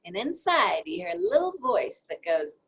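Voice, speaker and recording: A woman reading a class transcript aloud in a lively, expressive way and announcing each speaker. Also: mid-range voice, normal speed, a little hiss or hum, poor audio. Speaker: reader of a workbook transcript.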